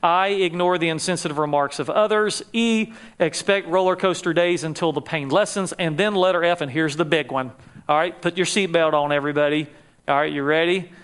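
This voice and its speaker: Man, middle-aged, high voice, grief counselor preaching, chatty with the crowd. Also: a little fast, fairly bright tone, clean tone. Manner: conversational, asks the audience questions, jokes lightly. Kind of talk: sermon to a live audience.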